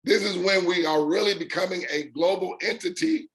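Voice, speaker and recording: A man with a fairly high voice talks to his online community in an unscripted live stream. He hammers his points home in short repeated lists and stretches out the words he wants to land. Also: normal speed. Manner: emphatic, repeats phrases in punchy lists. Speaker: host of an online business community.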